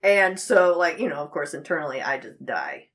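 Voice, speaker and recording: A woman in her late thirties co-hosting a casual podcast chat, an animated storyteller who acts out the people she quotes. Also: low-pitched, moderate pace. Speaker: podcast co-host.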